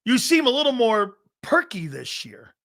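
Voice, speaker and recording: A middle-aged man hosting a live sports talk show, reading chat messages aloud, laughing often and arguing back loudly. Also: extremely high pitch, moderate pace. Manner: loud, excitable, laughs often, argues with chat.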